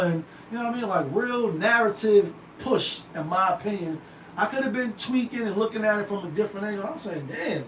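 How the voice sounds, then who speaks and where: A man's voice: sits high, expressive, normal speed. A man hosting his own unscripted commentary show, talking in slangy, emphatic rants full of rhetorical questions. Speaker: show host. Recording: roomy, distant mic with faint noise.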